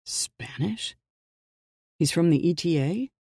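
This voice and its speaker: A narrator voicing Jack, a weary man investigator who talks low and hushed in disbelief, in an audiobook reading. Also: lively intonation, slow, vocal fry, breathy edge, no room sound, studio quality, exaggerated voice.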